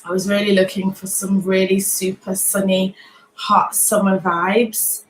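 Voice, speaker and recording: A woman's voice: mid-range voice, level tone, unhurried, a bit bright, low-quality recording. A woman in her late twenties from Nottingham with a Nottingham accent, hosting a casual livestream, chatting, laughing often and greeting viewers by name. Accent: Nottingham English. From Nottingham, England. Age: late 20s. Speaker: livestream host.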